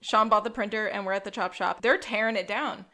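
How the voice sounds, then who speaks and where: A woman's voice: medium pitch, brisk, bright, forceful tone. A woman co-hosting a podcast in casual chat, talking loosely with lots of fillers and frequent laughter. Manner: chatty, laughs often, filler "like". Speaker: podcast co-host.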